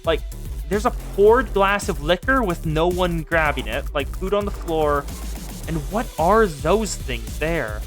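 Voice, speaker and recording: A man's voice: fairly high pitch, expressive, a little slow, a bit bright. A young man streaming a game, giving playful, jokey commentary and reading dialogue aloud. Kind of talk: casual let's-play commentary with read-aloud dialogue. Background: game music.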